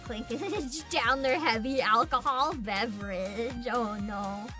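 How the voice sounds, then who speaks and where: A young woman live-streaming a game from home, giggling, excitable and swearing often. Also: a little high, slow pace. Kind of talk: casual live-stream gaming chat. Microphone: desk mic with headphones. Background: game music.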